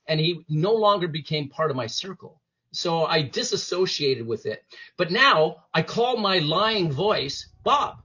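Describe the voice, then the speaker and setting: A man's voice: high-pitched, very animated, moderate pace, bright, forceful tone, slightly rough, highs cut off. A man being interviewed as a guest, giving motivational talk and acting out the inner voices and quotes he describes. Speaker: interview guest, former police detective.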